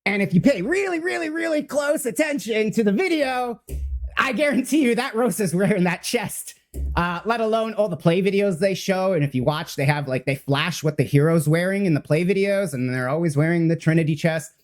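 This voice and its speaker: A man's voice: sits high, brisk. A man streaming his first read of game patch notes, talking off the cuff with lots of fillers, restarts and the odd swear. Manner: rambling, excitable, many fillers and restarts; swears casually.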